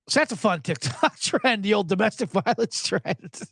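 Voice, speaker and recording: A man's voice: high voice, expressive, moderate pace, vocal fry, few pauses, husky, dry recording. Sarcastic, profane sports podcast host, man. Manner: profane, sarcastic, shouting mock voices.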